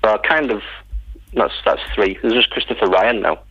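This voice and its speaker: A man's voice: lowish voice, moderate pace, husky, dry recording, highs cut off, faint music behind. A man, a writer guest in a casual interview, rambling and restarting as he tells stories. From England. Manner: rambling, self-interrupting storyteller.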